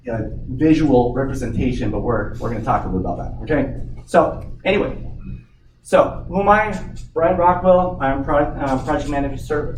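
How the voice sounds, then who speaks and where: Casting: a middle-pitched man giving a casual training workshop, heard from far off in an echoey room. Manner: rambling with frequent restarts and light joking. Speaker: software implementation trainer. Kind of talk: workshop presentation. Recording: echoey room, distant mic, faint noise.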